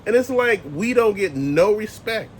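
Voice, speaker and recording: Profane ranting man, high voice. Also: expressive, a little slow, a little hiss or hum. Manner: profane, emphatic, heated ranting. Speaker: channel host. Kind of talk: ranting commentary vlog.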